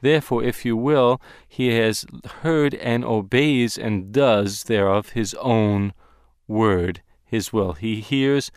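A man teaching a Bible lesson on Hebrew words, speaking deliberately and slowing down to stress key words. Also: fairly low pitch, clear, resonant tone, dry recording, clean studio sound.

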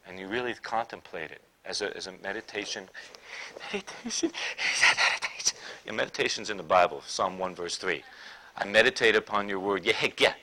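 A man preaching a sermon, swinging between loud emphatic declarations and quiet, intimate asides. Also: sits low, a little fast, a little hiss or hum.

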